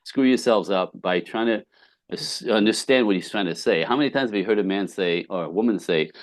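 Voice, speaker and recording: A man's voice: on the low side, a little fast, dry recording. A middle-aged man, a podcast guest, telling relationship stories with emphasis and acting out the dialogue. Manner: emphatic storyteller, acts out dialogue, laughs often. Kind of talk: animated conversational interview.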